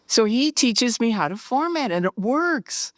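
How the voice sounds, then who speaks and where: A woman recounting her personal experiences, animated and acting out the dialogue she quotes. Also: fairly high pitch, unhurried, dry recording, clean studio sound. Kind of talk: personal storytelling.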